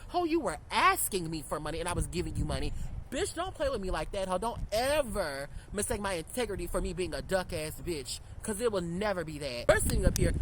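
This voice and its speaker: Young male vlogger, sassy profane rant with a faint hum behind. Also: high voice. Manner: profane, sassy, animated storytelling. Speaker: storytime vlogger. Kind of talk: casual storytime rant.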